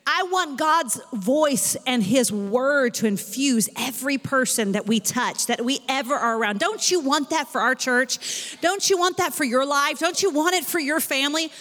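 A woman pastor preaches to her church in a lively, emphatic way. Her voice sits high and sounds bright and clear. It rings out with a long hall reverb behind it. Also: moderate pace. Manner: animated preaching with rising emphasis. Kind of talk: sermon.

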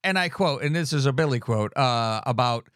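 A man's voice: mid-range voice, animated, moderate pace, a bit bright, no echo. Foul-mouthed guy on a podcast, blunt, dry close sound, mid voice. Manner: blunt, swears constantly. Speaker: podcast co-host. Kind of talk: casual chat.

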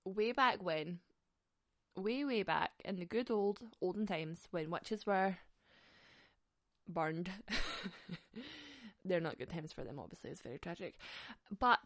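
A woman hosts her podcast with a loose, comic rant, laughing between lines and swearing freely. Her voice has a gravelly fry, and the recording is close and dry with no room sound. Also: lowish voice, dry recording. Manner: ranting, giggly, sweary. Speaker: podcast host. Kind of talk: casual comic monologue.

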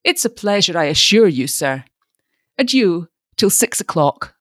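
A timid, gentle gentleman in a storybook reading, courteous and soft in every word, as a woman narrator puts him on. The sound is dry and close. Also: high voice, big pitch swings, a little slow, no echo, exaggerated voice.

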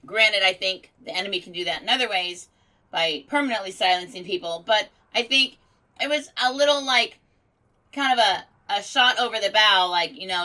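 A woman's voice: medium pitch, normal speed, pushed and bright, rough recording. A woman co-hosting a radio show, talking in casual chat in a reassuring, preacherly way.

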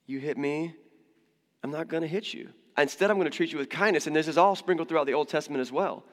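Conversational pastor in an echoing hall. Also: male voice, on the high side, fast talker. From United States. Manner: conversational, humorous, with frequent asides and restarts. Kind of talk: sermon.

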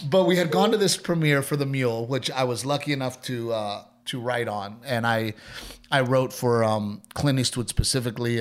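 A man from Texas with a Texan accent, co-hosting a podcast and telling a story in a lively way, laughing as he acts out what people said. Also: mid-range voice. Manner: animated storyteller, laughs through his lines, acts out quoted people. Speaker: podcast co-host. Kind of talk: casual storytelling chat.

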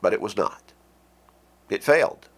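A middle-aged man preaching an earnest radio sermon, with slow, deliberate stresses on key words. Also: on the low side, animated, fairly bright tone, breathy edge.

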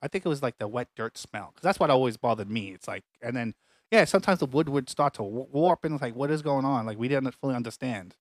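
A man's voice: mid-range voice, fast talker, no room sound. Man telling a story, casual and dry. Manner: rambling, frequent restarts, animated retellings. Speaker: podcast co-host. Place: home apartment.

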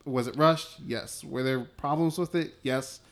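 A man co-hosting a podcast, speaking in a halting way and trailing off as he gives his view of a film. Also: medium pitch. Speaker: podcast co-host. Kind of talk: casual film chat.

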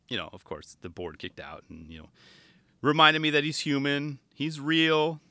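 A man's voice: on the high side, moderate pace, pushed and bright, dry recording. A man hosting a podcast from his home garage, chatting casually and at length, often acting out what people said. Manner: laid-back, rambling, acts out quoted voices. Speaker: podcast host reacting to a skate video. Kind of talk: casual spoken commentary. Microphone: studio microphone.

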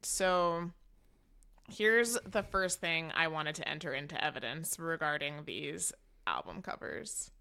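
A woman's voice: low voice, lively intonation, slow, creaky, background noise. A woman co-hosting a podcast, laying out points like evidence in casual chat. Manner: builds a case playfully, quoting lyrics as evidence. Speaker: podcast co-host.

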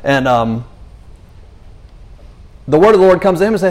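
Man, fairly high voice, rambling casual testimony, animated, lots of restarts. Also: moderate pace. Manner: rambling, animated, keeps restarting and saying "you know". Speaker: speaker sharing a faith testimony.

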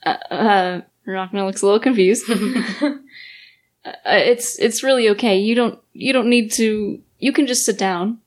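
A woman playing a tabletop game, talking hesitantly. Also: mid-range voice. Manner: hesitant, slow, laughing. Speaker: player.

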